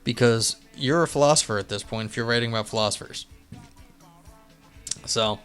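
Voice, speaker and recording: A man's voice: medium pitch, moderate pace, pauses often, a bit bright, clear, resonant tone. A man streaming live, chatting casually and rambling with lots of fillers and restarts. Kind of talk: casual live-stream chat and reading aloud. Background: faint music.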